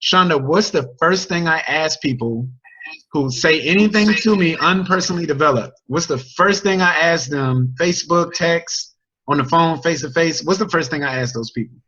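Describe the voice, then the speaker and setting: Male team coach, energetic storyteller, slightly high voice, muffled video call audio. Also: normal speed, husky. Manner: energetic, chatty, sports metaphors and crowd questions. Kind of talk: motivational storytelling to a group.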